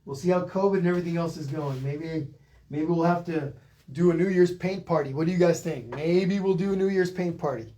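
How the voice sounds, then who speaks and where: A middle-aged man guides viewers through a live online painting class. He talks in a relaxed, chatty way and stops to greet viewers by reading their comments. His voice sits a little higher than most men's. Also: a little fast. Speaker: painting instructor.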